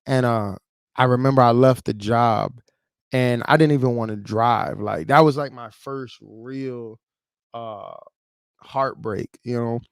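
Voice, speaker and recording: A man's voice: medium pitch, fairly even intonation, takes it slowly, gravelly, no room sound, clean studio sound. A man in his thirties from Chicago, telling a personal story on a livestream in a casual, emotional way with many fillers. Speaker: livestream host.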